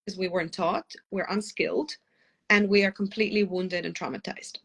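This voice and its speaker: A middle-aged woman speaks as a guest parenting coach in a podcast interview, with a husky, breathy voice as she nurses a cold. Her pitch sits in the middle of the range. She talks passionately and runs off on tangents. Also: steady tone, fairly bright tone. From former lawyer living in London. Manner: passionate, fast, tangent-prone. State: has a cold.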